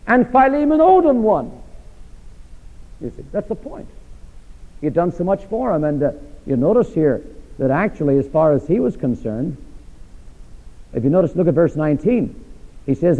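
A man preaching a sermon, throwing rhetorical questions at his listeners and swinging from loud emphasis to hushed asides. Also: fairly high pitch. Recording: echoey hall over a tinny, phone-like line.

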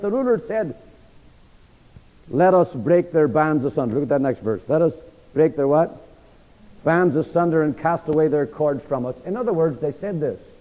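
A man preaching an expository sermon, reading verses slowly and emphatically and quizzing listeners with "what?" before key words. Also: fairly high pitch, animated, dark tone. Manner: reads scripture slowly and emphatically. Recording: dull recording in a large reverberant hall.

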